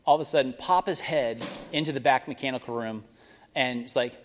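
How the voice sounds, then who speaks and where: Long church-hall reverb surrounds this young man's mid-range, brisk voice, along with a little hiss or hum. He is a pastor in a sanctuary giving a casual, rambling sermon story and prayer, stopping often to fix what he said.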